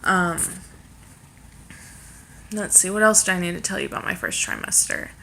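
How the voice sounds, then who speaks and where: Young woman vlogger, bright voice, chatty and rambling, pregnant. Casual talk to camera. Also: fairly low pitch, wildly swooping pitch, normal speed, creaky.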